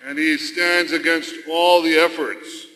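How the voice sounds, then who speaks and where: A national leader from Israel addresses a rally in a large arena, giving a formal speech that is slow, deliberate and emphatic, with rhetorical repetition. His voice is a little high, pushed and bright, with little pitch movement, and long arena reverb trails his words.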